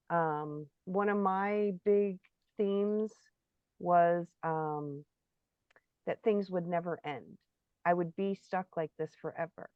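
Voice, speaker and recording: A woman's voice: on the low side, steady tone, takes it slowly, no room sound. Reflective woman on a dull lo-fi mic. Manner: reflective, searching for words with frequent ums. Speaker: spiritual workshop co-host. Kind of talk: live Q&A discussion. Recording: dull lo-fi sound.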